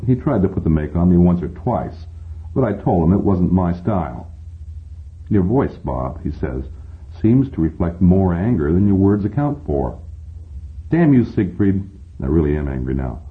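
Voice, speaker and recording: Casting: a male audiobook narrator, very deep and wry, with tinny phone-like sound. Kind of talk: first-person audiobook narration.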